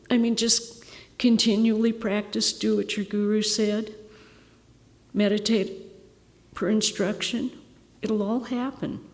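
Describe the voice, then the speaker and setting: Slow-talking older nun in a reverberant hall. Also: female voice, medium pitch, darkish tone. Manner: laughs often, self-deprecating, homely humor. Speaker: nun giving a retreat talk. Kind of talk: reminiscing spiritual talk.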